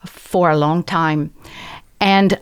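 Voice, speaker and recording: A woman's voice: fairly low pitch, takes it slowly, clear, resonant tone. Southern woman telling a personal story. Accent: Southern American. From American South. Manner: earnest, reflective, animated storytelling with quoted voices. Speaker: guest. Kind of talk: conversational storytelling.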